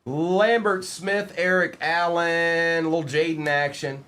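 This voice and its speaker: A man's voice: fairly high pitch, steady tone, slow, pushed and bright. A man hosting a live-streamed trading card break, reading out player names and bantering with the chat in a playful way.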